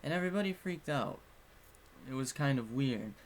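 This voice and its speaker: A young man talks casually about his own past, rambling from one detail to the next and swearing freely. His voice sits at an ordinary middle pitch. A faint hiss runs under the recording. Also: expressive, normal speed. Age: young adult. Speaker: vlogger. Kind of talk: casual personal storytelling.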